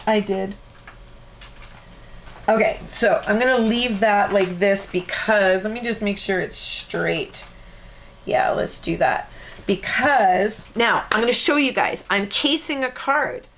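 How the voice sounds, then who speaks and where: Woman, live craft host; loose, chatty, self-interrupting, quick to laugh. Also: medium pitch, fairly bright tone, slight background noise. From Canada. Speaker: card-making tutorial host. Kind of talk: casual chatty live tutorial.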